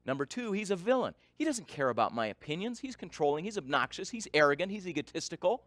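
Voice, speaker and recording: Lively, animated man telling a story onstage. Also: a little high, quick pace, no echo. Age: middle-aged. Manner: dramatic, varies loudness, lists in rhythm. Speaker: speaker giving a talk. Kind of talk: storytelling keynote talk.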